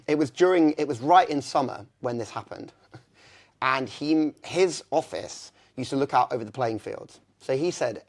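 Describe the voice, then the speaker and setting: A man's voice: medium pitch, lively intonation, normal speed, gravelly. A young man, a guest in an interview, telling candid stories with lots of fillers and restarts. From England. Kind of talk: conversational storytelling.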